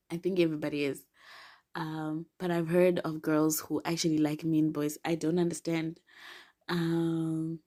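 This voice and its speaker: A woman's voice: on the low side, dark tone. A young woman from Zimbabwe hosting a podcast, telling a personal story in a playful, giggly, dramatic way that drops now and then into whispers. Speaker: podcast host. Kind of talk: casual storytelling monologue.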